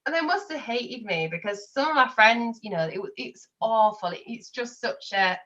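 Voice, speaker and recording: A woman's voice: fairly high pitch, lively intonation, normal speed, a bit bright, highs cut off. A woman, a podcast guest chatting openly and telling personal stories. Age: 20s. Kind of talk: casual chat.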